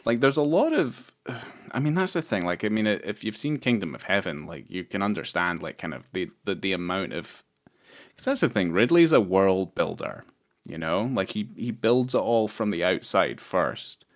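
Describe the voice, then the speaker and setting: A man's voice: deep voice, sing-song, moderate pace. A man co-hosting a film podcast in casual chat, rambling with lots of fillers and swearing. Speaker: podcast co-host.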